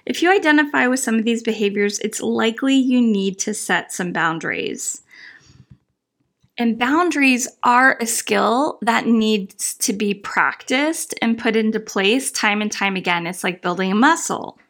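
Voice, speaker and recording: A woman's voice: a little high, lively intonation, unhurried, a bit bright. A middle-aged woman giving firm, step-by-step advice as a self-help coach, talking straight to her audience. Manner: firm, instructive, emphatic. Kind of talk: direct-to-camera advice talk.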